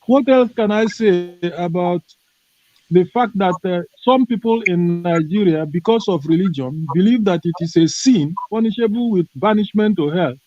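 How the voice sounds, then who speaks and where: Man on a video call, emphatic, deliberate delivery, high voice, mellow tone, dull lo-fi sound. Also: no room sound. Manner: emphatic, deliberate, with frequent "uh" fillers. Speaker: participant in an online discussion. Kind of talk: impassioned call-in commentary.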